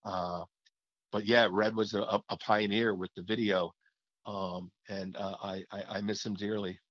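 Speaking a little slowly in a fairly low, fairly bright voice with a level tone, a onetime hockey play-by-play man reflects on old stories during an interview, frequently starting his sentences over. The lo-fi recording sounds slightly muffled but has no echo.

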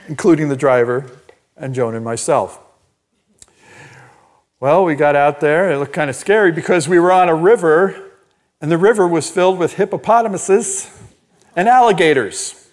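An older man preaching a sermon as pastor, telling personal stories in an animated, emphatic way. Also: a little high. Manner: storytelling, animated and emphatic, laughs at own stories. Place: church.

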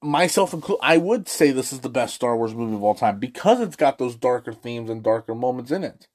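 A man hosting a casual movie review, excitable and gushing, swearing freely and restarting his sentences. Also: medium pitch, brisk.

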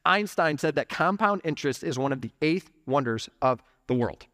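A young adult man preaching a conversational, animated sermon in church, peppering his talk with "like" and "okay". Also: on the high side, normal speed, no echo, studio quality. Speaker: pastor. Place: church sanctuary.

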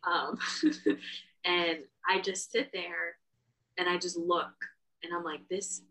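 A woman's voice: lowish voice, lively intonation, slow, sharp tone, far from the mic, low-quality recording. A woman co-hosting a podcast, chatting frankly and casually with some swearing. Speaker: podcast co-host. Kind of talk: casual chat.

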